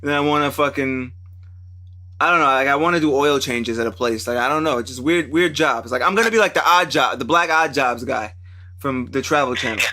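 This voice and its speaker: A man hosting a podcast, chatting casually and laid-back, with profanity and quick reactions. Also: medium pitch, bright, forceful tone. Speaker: podcast host. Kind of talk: casual chat.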